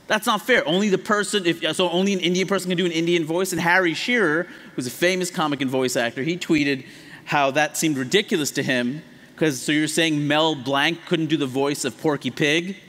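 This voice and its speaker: A man in his late thirties from the United States giving an animated, profane, emphatic comedic talk on stage. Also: fairly high pitch, a little fast. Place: large hall on stage. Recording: echoey hall.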